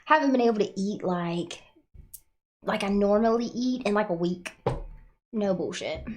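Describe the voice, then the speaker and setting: A woman's voice: medium pitch, moderate pace, a little mellow, slight background noise. A woman hosting a casual livestream, rambling and swearing a lot, using "like" often, sounding nauseous and worn out. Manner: profane, rambling, confessional; frequent filler "like". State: nauseous and exhausted. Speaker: livestream host.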